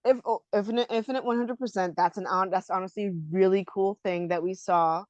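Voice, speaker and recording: Animated woman on a dry mic. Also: medium pitch, fairly quick, no room sound, highs cut off. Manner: animated, emotional, laughs often. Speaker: podcast co-host. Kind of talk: casual anime discussion.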